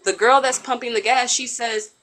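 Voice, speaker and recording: A woman tells a story with a slightly high, animated voice. She acts out each character, with frequent ums. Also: moderate pace. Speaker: co-host telling a story. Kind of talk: casual storytelling on a live stream.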